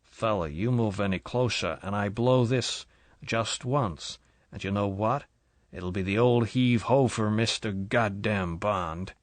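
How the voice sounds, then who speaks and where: A man's voice: lowish voice, a little slow, no echo, natural voice. Drunk, bullying tycoon, sneering and slurred, read by a male narrator. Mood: menacing drunk.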